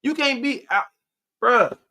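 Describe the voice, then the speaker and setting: A podcast host man talking in a casual, profane and preachy way, with sudden loud outbursts. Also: extremely high pitch, takes it slowly. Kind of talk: casual live podcast chat.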